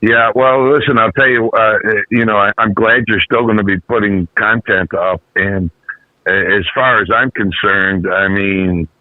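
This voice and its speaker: A man's voice: lowish voice, a little slow, dry recording. A man from upstate New York with a New York accent, calling in to a show and talking earnestly and effusively. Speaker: caller. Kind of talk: phone-in chat. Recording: tinny phone line.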